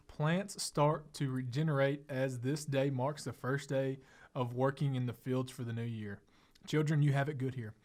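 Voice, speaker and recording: A man co-hosting a casual podcast, playful and reading aloud slowly. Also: on the high side. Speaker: podcast co-host. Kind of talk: casual chat.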